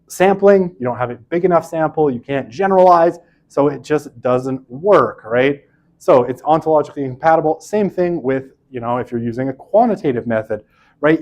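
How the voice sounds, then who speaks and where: Male university lecturer, mid-pitched, chatty recorded lecture, keeps asking "right?", drifts into asides. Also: darkish tone. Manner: casual and chatty, tags sentences with "right?"; self-interrupting, with asides and restarts.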